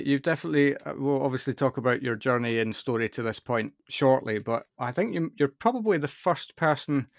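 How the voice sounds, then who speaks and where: A man's voice: mid-range voice, dry recording, clean studio sound. A Scottish man hosting a light-hearted interview podcast, chatty and self-deprecating. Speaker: podcast host. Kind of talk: casual interview.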